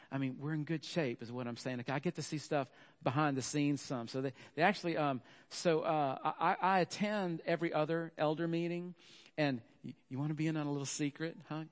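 A man's voice: on the high side, long reverb tail. A middle-aged man preaching a sermon, chatty and storytelling, with frequent "okay?" asides.

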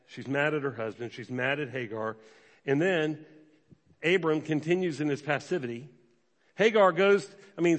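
A man with a fairly high voice preaches to his congregation, his words ringing with a long reverb off the hall. He is lively and conversational, jumping into brief acted voices for the people in his story. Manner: animated, acts out biblical characters in quick quoted voices. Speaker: pastor. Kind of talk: sermon.

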